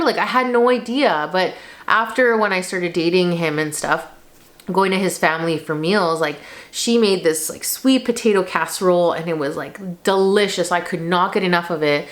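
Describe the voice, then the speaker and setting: A woman's voice: on the low side, brisk, fairly bright tone. A woman in her thirties telling her personal story to camera in a casual, rambling way, full of fillers. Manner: chatty, rambling with many fillers, tearful at moments. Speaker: lifestyle vlogger.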